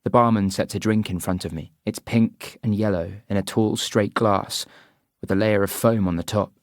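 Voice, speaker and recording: A man reading a first-person audiobook narration in an even, measured way. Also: fairly low pitch, no room sound, clean studio sound.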